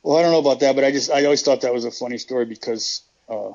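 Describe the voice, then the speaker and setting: A man's voice: mid-range voice, rapid-fire, darkish tone. Joking man telling old stories, lo-fi. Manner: joking, self-deprecating storyteller. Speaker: guest, former pro wrestler. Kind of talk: casual storytelling interview.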